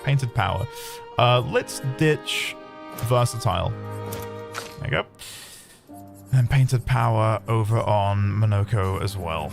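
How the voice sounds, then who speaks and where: A man with a lowish voice takes it slowly as he streams a game, his speech marked by vocal fry and long pauses. His casual, rambling commentary includes occasional light swearing, and game music plays in the background.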